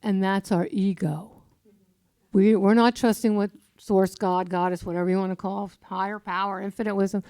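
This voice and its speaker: A woman in her sixties, a minister giving an animated, storytelling sermon in a church that breaks into song. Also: mid-range voice, normal speed, no echo, clean studio sound. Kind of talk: sermon with songs. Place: church sanctuary.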